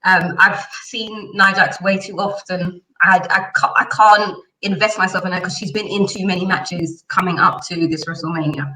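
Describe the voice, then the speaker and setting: Panelist: blunt woman, bright edgy tone, sits back from the mic in a roomy space. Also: lowish voice, steady tone, moderate pace, few pauses, far from the mic. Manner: blunt, outspoken. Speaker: podcast panelist. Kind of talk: casual chat.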